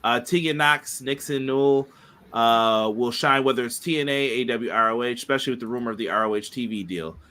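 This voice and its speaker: A man's voice: medium pitch, fairly quick, pushed and bright. A man co-hosting a casual podcast, chatting loosely and reading viewer comments aloud. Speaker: podcast co-host.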